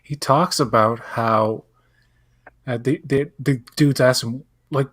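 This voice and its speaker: A man's voice: medium pitch, fairly even intonation, slow. A man co-hosting a live pop-culture chat, rambling, acting out quotes and searching aloud for names. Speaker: co-host. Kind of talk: casual chat.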